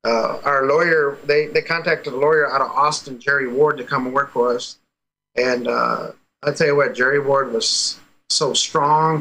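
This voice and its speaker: A man's voice: mid-range voice, sharp tone, low-quality recording. A man, a father being interviewed, telling a story with energy and acting out the quoted dialogue. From United States. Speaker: guest, parent. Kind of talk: casual interview over a call.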